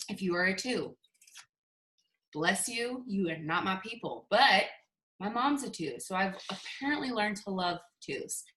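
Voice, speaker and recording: A woman leading a casual sales training on a video call, telling animated stories and acting out quotes. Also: mid-range voice, reverberant. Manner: chatty, animated storytelling with acted-out quotes. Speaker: team leader giving a sales training.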